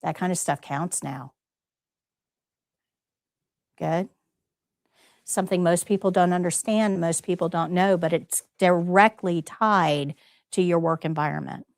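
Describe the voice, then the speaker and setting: With a fairly low voice that's a little slow and marked by long pauses, a woman instructor runs a live nursing-assistant exam prep session. She's emphatic and talks straight to her students, peppering them with questions; the studio-quality recording has no echo.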